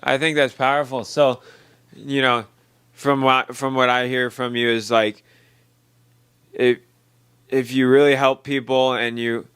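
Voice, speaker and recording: A man hosting a casual chat, summarizing his guest's point in a halting way. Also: medium pitch, little pitch movement, a bit bright, smooth, dry recording, studio quality. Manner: summarizing, halting, says "bro". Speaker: host.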